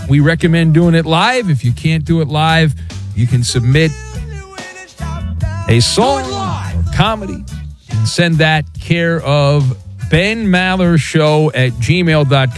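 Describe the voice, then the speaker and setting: A man hosting a talk radio show, bantering and reading listener messages with a brisk, joking manner. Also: a little high.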